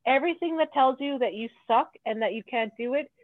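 A woman's voice: sits high, a little fast, dry recording. A woman in casual chat, blunt and rambling, swearing freely as she talks. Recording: tinny phone-like sound.

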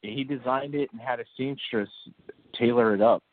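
A man's voice: medium pitch, moderate pace, narrow, tinny audio. A male podcast co-host who asks playful, teasing questions. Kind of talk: casual podcast chat.

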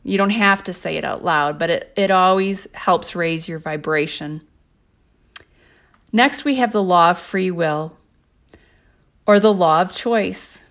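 A woman hosting a spiritual podcast, speaking in a calm, gentle and measured way as she reads from her own book. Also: lowish voice. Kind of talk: slow reflective spiritual talk.

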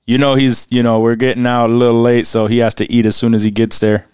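A man's voice: medium pitch, level tone, fast, darkish tone, smooth, dry recording, clean studio sound. Laughing, foul-mouthed male podcast host. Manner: laughs often, profane, joking. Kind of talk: casual crude podcast banter.

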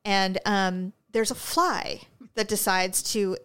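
A woman's voice: mid-range voice, steady tone, takes it slowly, fairly bright tone, clear, resonant tone. A middle-aged woman in casual chat, telling stories with playful exaggeration and frequent laughter.

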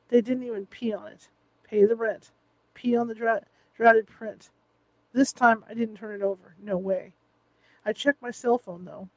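A man's voice: high-pitched, no room sound, rough recording. A man narrating a first-person audiobook, with wry, self-deprecating asides.

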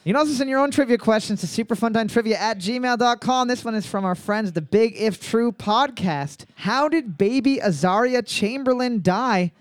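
A man's voice: very high voice, normal speed, few pauses, smooth, no echo, studio quality. A man hosting a live trivia night, cracking jokes and repeating each question. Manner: joking, reads questions twice, swears freely. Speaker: trivia host.

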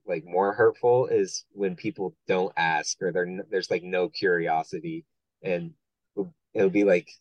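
Deep-voiced man speaking haltingly. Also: no echo, poor audio. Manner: halting, many restarts and fillers. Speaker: foster parent guest. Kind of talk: casual discussion.

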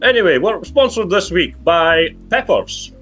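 A man with a Geordie accent hosting a comic podcast, joking around with lively, excitable banter. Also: high voice, measured pace, faint music behind. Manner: lively, jokey, swings into big excited exclamations. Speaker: podcast host.

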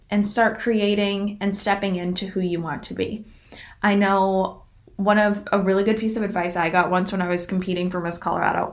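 A woman's voice: on the low side, creaky. Chatty, upbeat young woman podcast host. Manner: chatty, upbeat and encouraging, with frequent "like" and casual swearing. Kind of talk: casual motivational solo talk.

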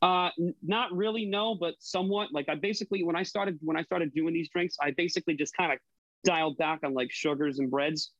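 A man's voice: on the high side, a little fast, a bit bright, no room sound, lo-fi sound. A man guesting on a casual podcast, talking about his online videos with fillers and swearing. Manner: chatty, profane, hesitant fillers. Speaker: guest, online cooking creator.

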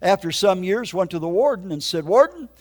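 A man's voice: high-pitched, a little fast. An older man preaching his testimony in an emphatic, folksy storytelling way. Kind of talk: sermon testimony.

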